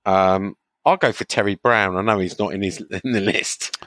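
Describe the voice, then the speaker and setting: Easygoing low-voiced man co-hosting a chat podcast. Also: moderate pace, a bit bright, no room sound. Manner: easygoing, chuckles, gives considered opinions. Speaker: podcast co-host. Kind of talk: casual chat.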